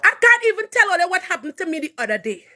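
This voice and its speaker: Woman, Trinidadian accent, piercing high voice, sharp tone, impassioned live testimony, preacher's fervor. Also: sing-song, quick pace. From Trinidad and Tobago. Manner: fervent preaching delivery, rising to shouts. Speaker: minister and hairdresser.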